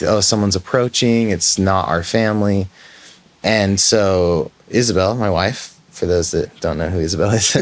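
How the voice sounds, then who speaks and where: Low-voiced man telling a candid story. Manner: candid, rambling, self-reflective. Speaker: podcast host. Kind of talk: casual storytelling.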